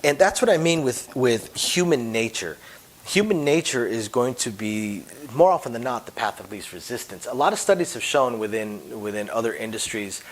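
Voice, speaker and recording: Man, craps dealer, instructional talk, emphatic, phrases dropping off softly, medium pitch. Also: expressive, moderate pace, rough recording. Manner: emphatic, voice drops off at phrase ends.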